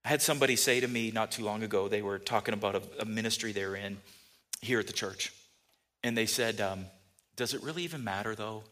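A male pastor preaching a sermon in church, conversational and halting, repeating words and swinging between soft and emphatic. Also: on the low side, steady tone.

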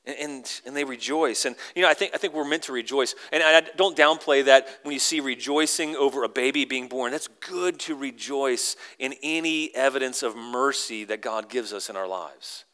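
A pastor preaching a sermon, animated and acting out the crowd's lines in sudden high voices. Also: male voice, moderate pace, few pauses.

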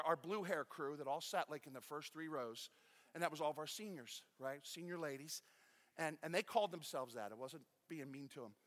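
High, bright-voiced preaching man, echoey hall. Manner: conversational preaching that builds to shouting. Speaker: pastor. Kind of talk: sermon. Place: church.

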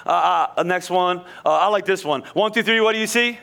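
A man from Pennsylvania with a slight Pennsylvania accent, preaching a sermon in an energetic way, joking with the congregation and often repeating words. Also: sits high, fairly quick, gravelly. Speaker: pastor.

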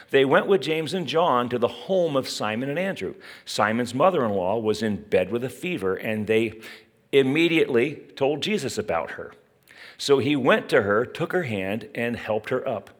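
Animated male preacher. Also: mid-range voice. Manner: animated, conversational preaching with asides to listeners. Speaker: pastor. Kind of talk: sermon.

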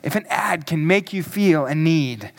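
A male pastor preaching a sermon, emphatic and deliberate, asking the congregation questions. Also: fairly high pitch, animated.

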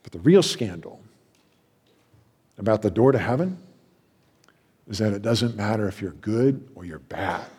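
A man preaching a sermon as a pastor, passionate, swinging between loud emphasis and hushed asides. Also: lowish voice, lively intonation, measured pace, long pauses, breathy edge. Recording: long hall reverb.

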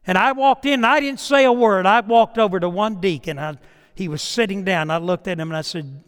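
A middle-aged man preaches from the pulpit in a high voice. He moves between storytelling and direct address, acting out the dialogue in his stories. His words carry with a long reverberation through the sanctuary. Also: brisk, fairly bright tone, clear, resonant tone. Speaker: pastor. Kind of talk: sermon.

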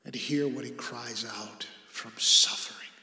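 Slow, earnest preacher in an echoey hall. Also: male voice, mid-range voice, fairly even intonation. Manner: earnest preaching, dropping to a hush for emphasis. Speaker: pastor. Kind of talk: sermon. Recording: echoey hall with long reverb.

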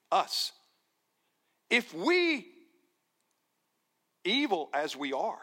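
Man, pastor, sermon, slow delivery, lively swooping pitch, emphatic repetition. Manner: slow, emphatic preaching with repeated phrases, dropping to near-whispers.

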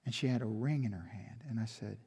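Husky-voiced pastor preaching in reverberant church. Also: male voice, lowish voice, fairly quick. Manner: dramatic storytelling with sudden swings from loud to hushed. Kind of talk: sermon. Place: church sanctuary. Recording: long reverb of a church hall.

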